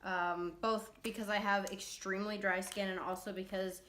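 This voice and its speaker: A woman's voice: medium pitch, little pitch movement, normal speed, a bit bright, slight background noise. A young woman chatting casually with her sister on camera, with dry, sarcastic humor. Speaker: channel host. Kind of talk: casual chat. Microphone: phone camera close up.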